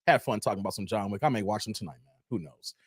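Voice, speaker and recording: A man's voice: lowish voice, quick pace, husky, no echo, studio quality. A man hosting a casual live stream, chatting loosely with viewers, answering their comments and often tossing in "man". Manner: brash and defiant toward critics.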